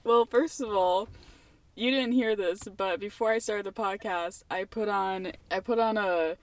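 A woman's voice: mid-range voice, a little slow, dry recording. A young woman hosting a podcast from inside a car, chatting casually and rambling with lots of fillers and laughter. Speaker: podcast host. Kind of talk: casual chat.

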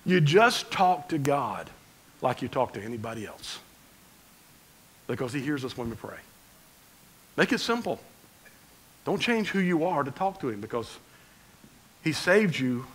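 A man preaching a conversational sermon as pastor, swinging between loud emphasis and quiet asides. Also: medium pitch, slightly rough, low-quality recording.

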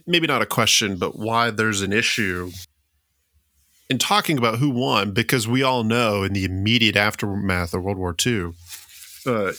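A male podcast co-host in casual history chat, circling his point with restarts and self-mocking laughs. His voice sits a bit low but bright, recorded close and dry. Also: dry recording. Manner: rambling, restarts often, laughs at himself.

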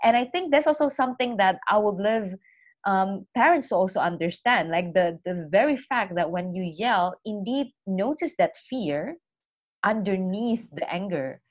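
A woman in a relaxed conversation, explaining ideas about parenting thoughtfully. She works her points out as she goes, with occasional small grammar slips. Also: mid-range voice, normal speed. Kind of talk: casual podcast conversation.

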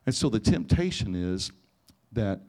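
A man's voice: fairly low pitch, big pitch swings, a little slow, a little mellow. A man preaching a sermon, telling personal stories and acting out conversations with frequent restarts. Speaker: pastor.

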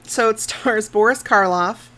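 A woman's voice: mid-range voice, unhurried, sharp tone. A woman co-hosting a casual movie review podcast, talking frankly with plenty of swearing, laughing often and sometimes trailing off mid-thought. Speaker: podcast co-host.

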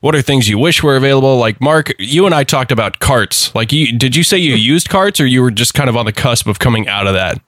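A man hosting a casual conversation, relaxed and joking as he asks questions. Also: medium pitch, fairly quick, few pauses, no echo, clean studio sound. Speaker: host. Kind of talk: casual chat.

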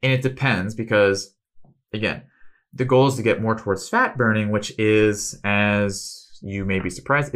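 A man with a fairly low voice hosts a casual health Q&A. He talks through each point loosely, with offhand asides that poke fun at himself. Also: a bit bright. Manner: chatty, self-deprecating asides, loose analogies. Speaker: host.

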